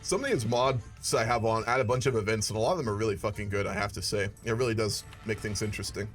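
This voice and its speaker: A man's voice: lowish voice, quick pace, faint music behind. A man giving casual, profane gameplay commentary with wry asides. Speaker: gaming video creator.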